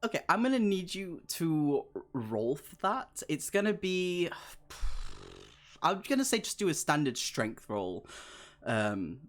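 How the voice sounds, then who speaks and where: A game master narrating a tabletop horror session at a middling pitch. The delivery is loose and rambling, thick with "um", "uh" and "like" between phrases. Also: very animated, unhurried. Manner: loose, rambling, full of fillers.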